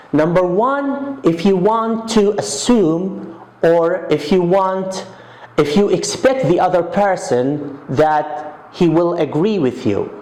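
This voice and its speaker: A man teaching an English grammar lesson, explaining slowly and repeating his example sentences. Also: high voice, a little mellow. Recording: echoey room.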